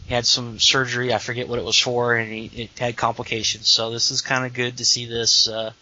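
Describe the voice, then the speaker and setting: A man co-hosting a casual chat, earnest and halting, often restarting sentences. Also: medium pitch, level tone, sharp tone. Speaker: podcast co-host. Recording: dull lo-fi sound.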